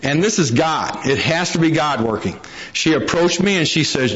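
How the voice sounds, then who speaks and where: A man's voice: on the high side, lively intonation, normal speed, fairly bright tone. Folksy man telling his recovery story. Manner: folksy storyteller, acts out quotes. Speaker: recovery meeting speaker. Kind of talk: personal recovery story at a meeting. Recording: dull lo-fi recording.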